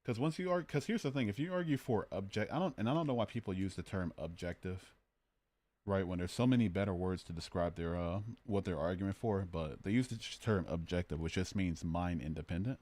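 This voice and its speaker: A man's voice: low-pitched, brisk, a little mellow. A man hosting a casual livestream, arguing about morality and joking as he reads out his chat. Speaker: livestream host.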